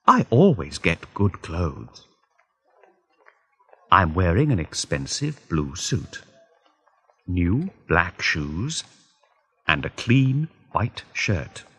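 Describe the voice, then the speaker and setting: A male reader narrates a graded story at a very slow, deliberate pace. His voice is fairly low and slightly husky, with a widely rising and falling tone. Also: sing-song, a bit bright. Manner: deliberate, clearly spaced phrasing.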